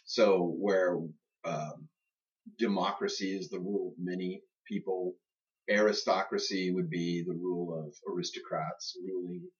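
Jokey podcast guy, low voice, kinda far off the mic, dull lo-fi sound. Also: little pitch movement, unhurried. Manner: joking, puts on silly party voices. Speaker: podcast co-host. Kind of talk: casual chat. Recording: distant, muffled lo-fi sound.

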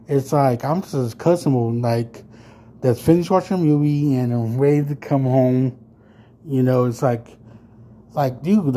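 A man in his thirties telling a story on his podcast in a casual rant. He swears constantly, rambles with lots of fillers and turns loud and heated when he gets worked up. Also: medium pitch, measured pace, slight background noise. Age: 30s. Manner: profane, rambling, full of fillers. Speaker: podcast host.

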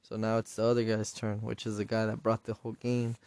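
A man's voice: lowish voice, completely flat delivery, brisk, a little mellow, smooth, dry recording. A man hosting a solo podcast, casually retelling and reviewing a show episode in a rambling, profane way. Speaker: podcast host.

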